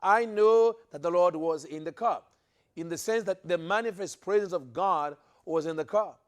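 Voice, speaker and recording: A man with a notably high voice delivers a sermon-style teaching to his listeners. He hammers points home by repeating phrases, and he often breaks off and restarts his sentences mid-thought. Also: normal speed. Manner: emphatic, repeats phrases for stress. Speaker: preacher.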